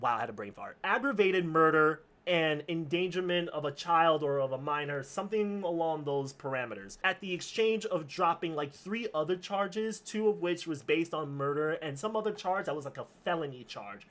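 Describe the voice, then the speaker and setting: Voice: mid-range voice, animated, moderate pace, few pauses, a bit bright. A streamer giving casual commentary on a news story, passionate and indignant, often restarting words.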